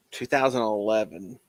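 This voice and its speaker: A man co-hosting a casual sports chat, rambling and excitable, with lots of fillers. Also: on the low side, no echo. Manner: rambling, excitable fan talk with many fillers. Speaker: podcast co-host.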